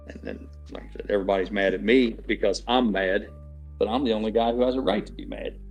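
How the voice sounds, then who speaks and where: A middle-aged man with a fairly low voice rants through a long, aggrieved story, swearing freely in casual chat. Faint music plays behind him. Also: fast, vocal fry, slightly rough. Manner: profane, ranting, aggrieved storytelling. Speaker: stream regular.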